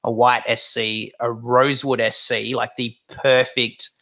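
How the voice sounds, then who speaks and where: A man in his thirties with an Australian accent, telling animated stories in a casual chat and acting out the voices of people he quotes. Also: medium pitch, a little slow. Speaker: guest.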